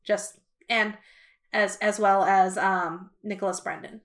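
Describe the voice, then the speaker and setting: A woman's voice: mid-range voice, level tone, slow, a bit bright. A woman co-hosting a podcast, an outgoing storyteller in casual chat. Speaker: podcast co-host.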